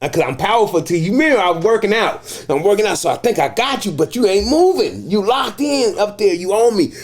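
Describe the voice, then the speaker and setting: A man telling a story from prison in casual chat, acting out the voices of people in it and getting loud and laughing as it builds. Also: sits high, very animated, a little fast. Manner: acts out voices in his story, gets loud and laughing at the climax.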